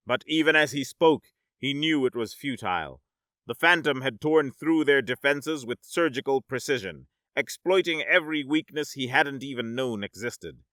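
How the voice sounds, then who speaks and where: Male narrator, bright forceful tone, dramatic storytelling, very dry close sound. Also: mid-range voice, animated, a little slow, no room sound. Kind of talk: scripted audiobook narration.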